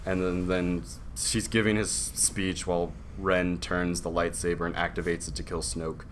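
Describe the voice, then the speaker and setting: A young man with a low, bright-edged voice tells a story to friends in a loose, rambling way. He keeps dropping into quick put-on voices for the characters. A faint hiss runs under the recording. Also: steady tone. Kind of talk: casual group chat retelling a story.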